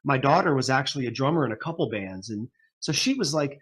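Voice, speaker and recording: A man's voice: mid-range voice, brisk, fairly bright tone. A man in his forties, a guest musician telling his story in a rambling, casual interview, laughing often.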